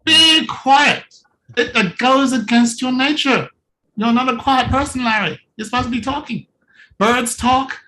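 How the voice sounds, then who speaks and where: A lively coach talks through a video call, playful and animated and often acting out small scenes. The voice sits at a middle pitch. A faint hiss of noise runs under the speech. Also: moderate pace, rough recording. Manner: animated and playful, acts out little scenes while talking to a participant. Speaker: coach presenting at a virtual summit. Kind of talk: live video-call presentation.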